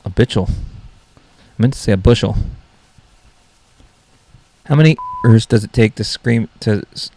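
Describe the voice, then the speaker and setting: A man's voice: lowish voice, measured pace, long pauses, dark tone. A young man hosting a solo comedy podcast, rambling and mocking himself as he jokes. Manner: rambling, self-mocking, jokey. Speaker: podcast host.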